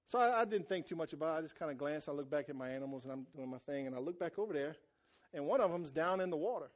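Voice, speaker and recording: A man preaching a sermon as a folksy personal story, loud and emphatic. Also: on the high side, animated, racing. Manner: folksy storytelling, voices quoted people.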